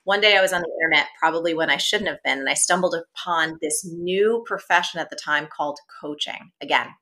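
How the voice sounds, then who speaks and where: A woman guest on an interview show, telling her story in a lively, animated way. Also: low-pitched, brisk. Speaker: guest, entrepreneur and business coach.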